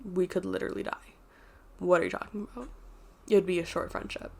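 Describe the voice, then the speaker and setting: A woman's voice: on the low side, fairly even intonation, fast, creaky, a little mellow. A woman who is a candid, rambling book reviewer, swears freely, casual vlog delivery.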